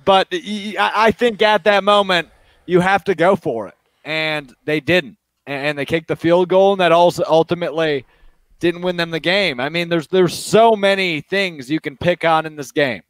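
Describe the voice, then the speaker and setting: A man hosting a post-game sports talk show, talking quickly with lots of fillers and getting worked up. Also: a little high, smooth, dry recording. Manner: fast, excited, many fillers. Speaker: show host.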